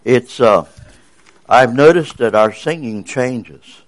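An older man with a bass voice preaching a sermon in a folksy, rambling way with many fillers. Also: slow. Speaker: visiting preacher.

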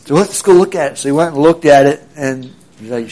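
A man with a voice of middle pitch tells a story in a loose, rambling way. He fills it with ums and restarts and briefly acts out the people in it. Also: expressive, fast, mellow. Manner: rambling, with many fillers and restarts, acting out quoted dialogue. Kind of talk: casual spoken storytelling.

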